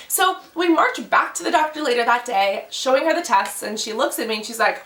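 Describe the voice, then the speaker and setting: Bright animated young woman vlogger. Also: high voice, fast, reverberant, recorded from a distance. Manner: animated storytelling, acting out quoted voices. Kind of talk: casual storytime vlog.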